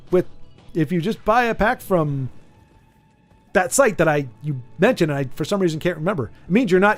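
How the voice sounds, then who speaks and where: American male streamer, high voice, chatty and rambling, faint music bed. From United States. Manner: rambling, chatty, lots of restarts, reads chat aloud. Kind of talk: casual chat while gaming.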